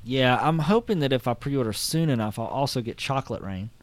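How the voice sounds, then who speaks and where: A man's voice: medium pitch, lively intonation, fairly quick. A man co-hosting a podcast in casual chat, joking and rambling, laughing often. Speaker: podcast co-host.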